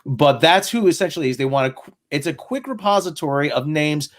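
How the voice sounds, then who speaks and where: A man talking casually on a live stream, animated and given to mocking asides. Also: on the high side, brisk. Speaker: livestream co-host.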